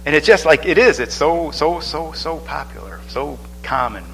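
A man's voice: a little high, lively intonation, normal speed, bright, forceful tone, slight background noise, low-quality recording. A man preaching a sermon in a loose, chatty way, with many restarts and asides. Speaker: pastor.

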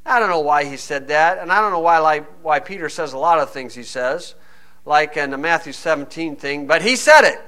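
A man's voice: fairly high pitch, lively intonation, fairly quick, pushed and bright. A man preaching a conversational sermon, reading scripture verses aloud and stopping to explain them with wry, folksy asides. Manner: reads old-style verses, then breaks into wry, folksy asides.

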